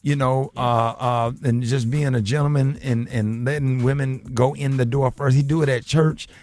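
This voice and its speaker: A man hosting a morning radio show, animated and repeating himself as he fires questions at his co-hosts. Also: medium pitch, normal speed, no room sound, soft background music. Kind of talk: lively radio banter.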